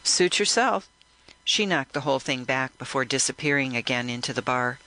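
A man narrating a first-person audiobook in a measured, reflective way. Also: mid-range voice, little pitch movement, pushed and bright, rough recording.

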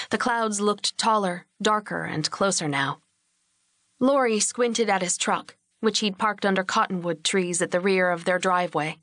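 A woman reading a novel aloud as narrator, measured and clear. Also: fairly low pitch, a bit bright, no echo, clean studio sound. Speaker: audiobook narrator. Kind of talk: scripted narration.

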